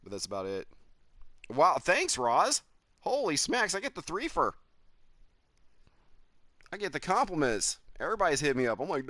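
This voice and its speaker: A man with a Southern American drawl riffs and teases his chat during a live game stream. His voice is animated and jumps around in pitch. The sound is dry and close to a desk mic. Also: normal speed, pauses often, dry recording. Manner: joking, drawling, reads chat aloud. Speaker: gaming streamer.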